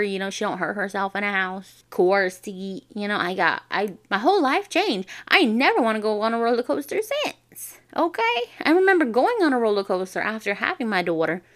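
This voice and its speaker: A woman from the Navajo Nation, hosting a vlog and telling funny personal stories in a lively, slangy way. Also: medium pitch. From Navajo Nation, US Southwest. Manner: animated, slangy, acts out quotes. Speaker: vlogger host. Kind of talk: casual comedic storytelling.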